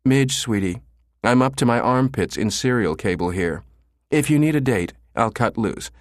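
A man's voice: mid-range voice, expressive, normal speed, no room sound, voice pushed up, close to an everyday voice. Grumpy, wisecracking computer tech, dry and sarcastic, slightly raised voice, read by a male audiobook narrator. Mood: grumbling.

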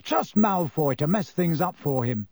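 A man's voice: a little high, lively intonation, measured pace, darkish tone, no echo, studio quality. A man voicing a worried, gloomy teenage schoolboy.

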